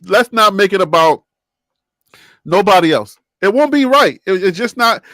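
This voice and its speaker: A man's voice: sits high, animated, moderate pace, bright, forceful tone, no echo. A man co-hosting a casual sports talk show, emphatic and laughing often as he lectures.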